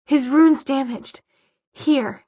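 A woman's voice: high-pitched, normal speed, no echo, voice pushed up, natural voice. Woman voicing a desperate young woman. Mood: urgent, shaky. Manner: urgent, shaky. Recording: dull lo-fi audiobook recording.

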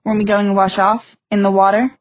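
A woman's voice: mid-range voice, level tone, moderate pace, no room sound, natural voice. A woman voicing a spirited teenage girl with dry, joking comebacks, on a tinny recording. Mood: wry. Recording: tinny phone-like audio.

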